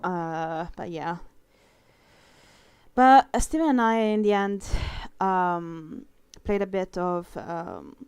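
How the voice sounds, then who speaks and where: Chatty young woman, smooth clear voice. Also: fairly low pitch, slow, a little mellow, no echo. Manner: chatty and rambling, swears casually, laughs often. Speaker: artist streaming a drawing session. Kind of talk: casual chat while drawing.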